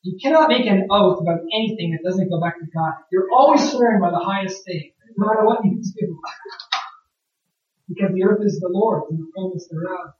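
A man's voice: sits high, fairly quick, a little mellow. A man preaching a sermon in a conversational way, often asking rhetorical questions. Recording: very echoey room, distant mic, dull sound.

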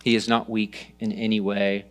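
A man preaching a sermon, retelling stories with lively rises and hushed drops. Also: lowish voice, normal speed. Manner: animated storytelling, dropping to hushed tones. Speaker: pastor.

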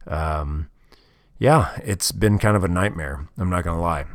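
A man's voice: low voice, a little slow, no echo, clean studio sound. A man hosting a casual solo podcast, telling a long story in a tired, rambling, frank way with crude words. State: tired, yawning. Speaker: podcast host.

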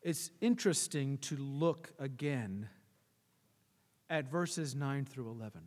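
A male pastor preaching a sermon, swinging between hushed and emphatic delivery. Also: mid-range voice, expressive, slow, long reverb tail.

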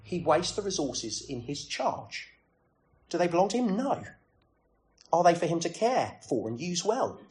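A man's voice: fairly high pitch, big pitch swings, measured pace, darkish tone. A man preaching a sermon in a conversational way, full of rhetorical questions and self-deprecating asides.

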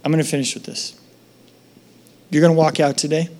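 Man, pastor, high voice, animated sermon storytelling, acts out voices, goes quiet and low for prayer. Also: fairly quick. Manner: animated storytelling, acting out voices in his anecdotes; drops to a soft, low voice for reflective and prayer moments.

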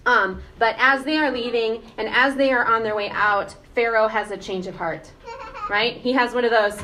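A woman giving a casual, animated sermon, often asking the congregation questions. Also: on the high side, normal speed, slight background noise. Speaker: preacher.

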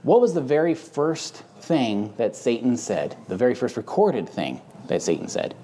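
A man's voice: mid-range voice, sing-song, moderate pace, mellow, a little hiss or hum. A man hosting a casual Bible discussion who talks emphatically and conversationally, with frequent fillers. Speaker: host and Bible teacher. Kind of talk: casual teaching chat.

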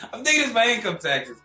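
A man co-hosting a podcast, telling a profane story in a casual, animated way and laughing as he goes. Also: very high voice, reverberant, low-quality recording. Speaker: podcast co-host.

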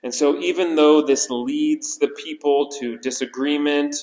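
A man's voice: a little high, fairly even intonation, a little mellow. Male pastor, sermon, repeats phrases for emphasis, long church reverb. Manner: repeats key phrases for emphasis, slowing on them. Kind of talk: expository sermon. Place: church sanctuary. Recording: roomy church hall reverb.

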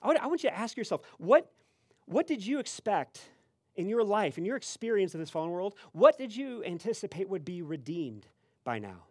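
A man's voice: high voice, normal speed, dry recording, clean studio sound. A male pastor preaching a conversational sermon, telling a story with lots of fillers and restarts. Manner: animated storytelling with many fillers.

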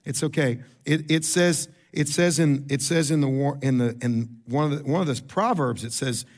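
A middle-aged man, preaching a sermon in a conversational style. He repeats words, makes quick asides to the congregation, and gets louder and higher to stress a point. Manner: rises in pitch and volume for emphasis. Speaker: pastor.

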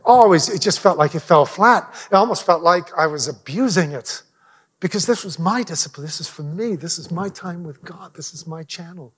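Middle-aged pastor, man, storytelling talk, lively, slightly high voice, hushes to near whispers at times. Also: moderate pace, breathy edge. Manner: animated, drops to near whispers.

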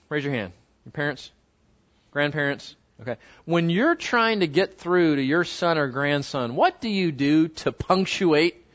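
A man with a fairly high voice leads a Bible study in front of a live group. He talks in a loose, conversational way, keeps asking the class questions, and slows right down when he reads scripture aloud. The recording sounds dull and lo-fi. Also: a bit bright. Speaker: Bible teacher.

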